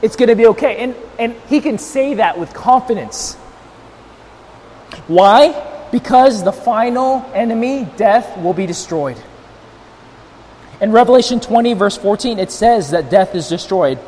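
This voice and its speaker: A man preaches with a high voice, swinging from near-shouted emphasis to gentle, hushed moments as he strains to carry without a monitor. His voice rings in a reverberant hall. Faint background noise sits underneath. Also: animated, unhurried, long pauses. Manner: swings between loud, near-shouted emphasis and softer, tender passages. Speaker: pastor. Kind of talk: sermon.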